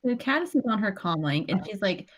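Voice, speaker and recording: A woman playing in a tabletop game, telling what happened in a casual, animated way and swearing freely. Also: mid-range voice, a little fast. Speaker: player.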